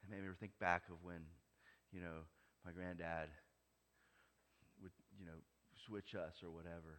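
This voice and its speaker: Man preaching, hushed then booming. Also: normal speed. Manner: swings from hushed to loud, emphatic preaching. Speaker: pastor. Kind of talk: sermon.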